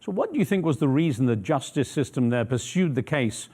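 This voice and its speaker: Brisk male news presenter. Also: medium pitch, expressive, warm tone, husky. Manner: probing, measured questions. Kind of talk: news interview questioning.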